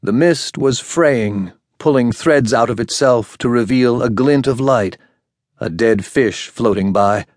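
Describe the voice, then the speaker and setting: A man reading a fantasy novel aloud as an audiobook narrator, in a measured, unhurried manner. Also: medium pitch, dry recording, studio quality. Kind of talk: scripted narration.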